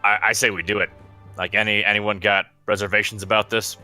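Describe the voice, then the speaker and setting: A man playing a tabletop game, talking in a brash, excitable way and swearing freely. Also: on the low side, fairly quick, clear, resonant tone, soft background music. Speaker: player. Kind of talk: casual tabletop play.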